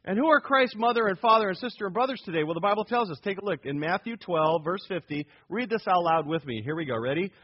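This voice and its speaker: A male preacher with a high, husky voice delivers a sermon with emphatic swings in volume. The recording is dull and lo-fi. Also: lively intonation, fast talker, few pauses.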